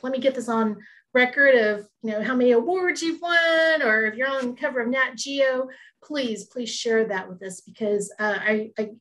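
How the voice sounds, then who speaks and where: Chatty higher-pitched woman hosting a call. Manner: chatty, enthusiastic, with many restarts. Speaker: host of a photography group talk. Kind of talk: casual introduction on a video call.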